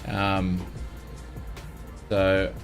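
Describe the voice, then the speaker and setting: A man's voice: sits low, completely flat delivery, very slow, vocal fry, faint music behind. An Australian man live-streaming a flight simulator, chatting casually and greeting viewers by name.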